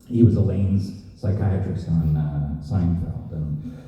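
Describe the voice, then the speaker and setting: A man's voice: sits low, slow. A man with a neutral American accent, telling stories and laughing as a guest on a convention panel. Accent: neutral General American. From Canada. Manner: animated storytelling, laughs often. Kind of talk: casual convention panel talk. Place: large convention hall. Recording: distant echoey hall, muffled.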